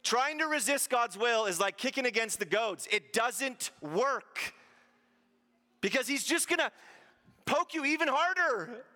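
A man preaching a sermon with animated delivery, often acting out the voices of the people he quotes. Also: extremely high pitch, a little slow. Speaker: pastor. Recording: hall reverb.

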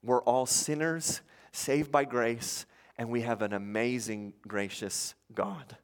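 A man's voice: mid-range voice, steady tone, slow pace, clear, resonant tone. Emphatic male pastor in a reverberant hall. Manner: emphatic, earnest preaching with rhetorical questions. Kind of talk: sermon.

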